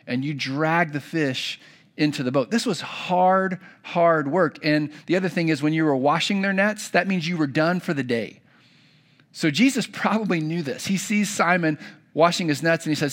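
A man's voice: a little high, a little fast, fairly bright tone. A young adult man preaching a sermon to kids, telling a story and acting out the characters' lines. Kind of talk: children's sermon.

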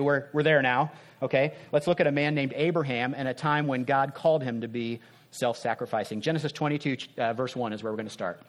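A man preaching a sermon in a conversational way, asking rhetorical questions and dropping his voice softly to make a point. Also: mid-range voice. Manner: earnest, drops soft for emphasis.

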